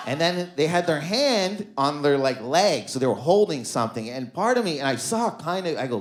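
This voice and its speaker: A male stand-up comedian telling stories on stage, swinging between loud bursts and low mutters, acting out quoted lines and leaning on "you know what I mean". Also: big pitch swings, a little fast, few pauses. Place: comedy club stage with audience laughter.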